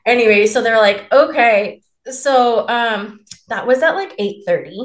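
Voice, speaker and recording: A woman's voice: on the high side, lively intonation, measured pace, reverberant. Frank, swearing woman telling a story. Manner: candid and profane, laughing as she tells it. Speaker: podcast co-host. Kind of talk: casual storytelling chat.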